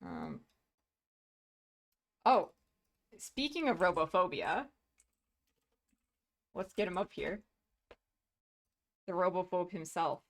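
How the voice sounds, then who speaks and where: A woman's voice: fairly low pitch, big pitch swings, slow, pauses often. A woman streamer chatting casually on a live stream, gushing and rambling with many restarts and laughs.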